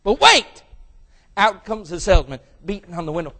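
A man with a high voice preaches an emphatic sermon. He tells a story with playful voices for its people, jumping to shouted bursts and falling back to a hushed close. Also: lively intonation, moderate pace. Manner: acts out characters with sudden loud high bursts.

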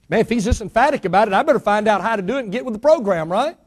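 A man with a noticeably high voice delivers a church sermon. He is middle-aged and emphatic, pressing rhetorical questions and letting his voice climb and drop for effect. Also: animated, fast. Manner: emphatic preacher, rising and falling dynamically, rhetorical questions. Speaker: pastor.

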